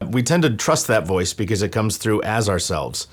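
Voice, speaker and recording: A man's voice: fairly low pitch, big pitch swings, normal speed. A man hosting a podcast, asking long, earnest questions. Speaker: podcast host. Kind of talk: conversational interview.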